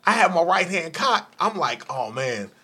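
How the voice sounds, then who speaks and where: A man's voice: fairly high pitch, big pitch swings, normal speed, sharp tone, slightly rough. A man co-hosting a casual chat show, telling profane stories and acting out other people's voices. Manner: profane, laughing, acts out voices in anecdotes. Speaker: co-host.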